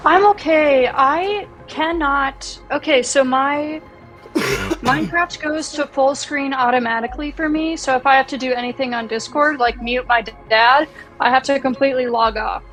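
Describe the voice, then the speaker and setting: A woman's voice: high voice, normal speed, fairly bright tone, soft background music, poor audio. A woman chatting matter-of-factly with friends during an online game. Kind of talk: casual gaming chat.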